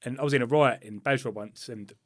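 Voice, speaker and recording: British man, fast talker, dry close sound, chatty army stories. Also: mid-range voice, no room sound. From United Kingdom. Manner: quick chatty interjections. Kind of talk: casual chat.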